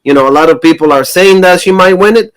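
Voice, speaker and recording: A man's voice: sits high, fast, clear, resonant tone, low-quality recording. A man co-hosting a review show, chatting loosely with many "like" fillers. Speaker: co-host of a wrestling review show. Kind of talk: casual chat.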